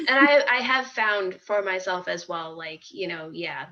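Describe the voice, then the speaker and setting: A woman's voice: medium pitch, fairly even intonation, normal speed, few pauses, bright, forceful tone. A young woman chatting casually and animatedly, acting out her mother's advice as she tells a story. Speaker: co-host. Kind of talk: casual chat. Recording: dull lo-fi sound.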